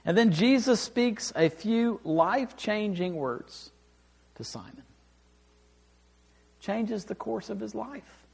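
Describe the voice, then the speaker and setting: A man preaching a sermon, reading scripture aloud and explaining it with emphatic, animated delivery. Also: high voice, takes it slowly, creaky, long pauses, slightly rough. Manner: animated, rising and falling for emphasis, acts out quoted lines.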